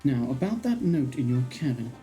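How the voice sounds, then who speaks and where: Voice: mid-range voice, big pitch swings, moderate pace, dark tone, soft background music, lightly acted. A streamer voicing a self-important male train detective, speaking in a formal, pompous way. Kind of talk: voicing game dialogue on a livestream.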